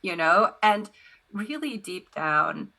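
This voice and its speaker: Bright, animated woman telling stories. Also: mid-range voice, slow. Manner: animated storytelling with many "you know" fillers. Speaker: guest, tarot reader. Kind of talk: casual interview chat.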